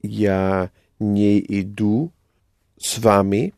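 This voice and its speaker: Slow, hesitant male language student. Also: lowish voice, little pitch movement, darkish tone, no room sound, clean studio sound. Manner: hesitant, very slow answers in learner Russian. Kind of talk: lesson practice.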